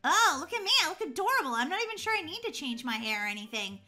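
A woman's voice: sits high, big pitch swings, fast, loud music behind the voice, voice pushed down. A woman voicing a flustered teen girl with a crush. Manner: flustered, stammering, giggly. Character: bubbly nervous teenage girl with a crush. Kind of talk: voicing a role-play video.

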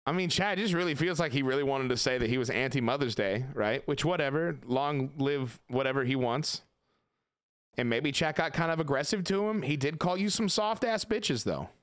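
A man's voice: medium pitch, moderate pace, fairly bright tone, clean tone. A man streaming a game, chatting casually with his viewers, swearing and joking as he rambles. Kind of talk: casual live-stream chat.

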